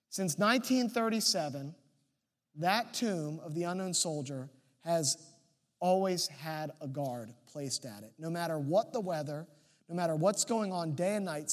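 A man preaching a sermon, reading scripture aloud and explaining it with expressive, emphatic delivery. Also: on the high side. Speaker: pastor.

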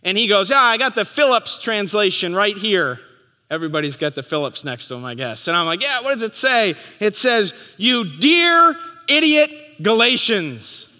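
A man in his thirties preaching a sermon as pastor, telling stories and acting out the crowd's shouts. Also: sits high, very animated, a little fast. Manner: storytelling, acting out crowd voices. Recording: long hall reverb.

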